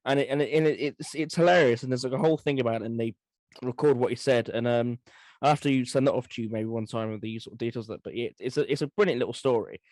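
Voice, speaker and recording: A man co-hosting a casual history podcast, telling stories quickly and eagerly. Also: mid-range voice, a little mellow, no echo. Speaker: podcast co-host.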